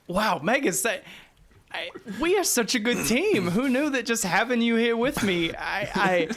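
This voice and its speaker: A man's voice: very high-pitched, lively intonation, a little slow, a bit bright, pitched above the performer's own voice, full character voice. A man doing a flustered, exclaiming gadgeteer. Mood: boastful. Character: excitable middle-aged male fire-breathing tinkerer.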